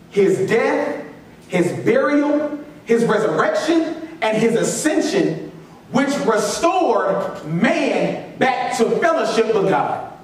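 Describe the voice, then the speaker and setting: A man's voice: very high-pitched, very echoey, recorded from a distance, slight background noise, low-quality recording. A man preaching a sermon as pastor, repeating his lines and calling on the congregation to answer back. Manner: call-and-response preaching, repeats lines for emphasis. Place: church sanctuary.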